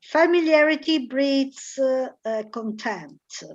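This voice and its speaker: A woman's voice: sits high, slow pace, lo-fi sound. A woman teaching an online English class, hesitant and full of fillers as she quizzes students. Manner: hesitant, many fillers, searching aloud.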